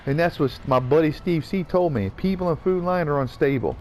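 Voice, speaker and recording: A man's voice: on the high side, lively intonation, a little fast, darkish tone. A man venting in a profane, repetitive rant while gaming, with faint background noise.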